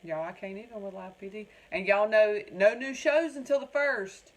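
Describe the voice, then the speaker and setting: A woman with a Southern American drawl chats with her viewers during a craft livestream, greeting them by name and answering their comments. She talks in a folksy, chatty way, with a voice of ordinary, middle pitch. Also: normal speed, rough recording. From North Carolina. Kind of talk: casual livestream chat reading viewer comments.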